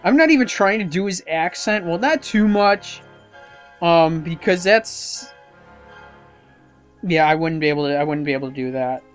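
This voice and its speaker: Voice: medium pitch, expressive, normal speed, pauses often, faint music behind. A YouTuber giving casual, rambling commentary over a game playthrough, talking to himself about where to go. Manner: rambling, self-talking, hesitant fillers. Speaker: let's-play commentator.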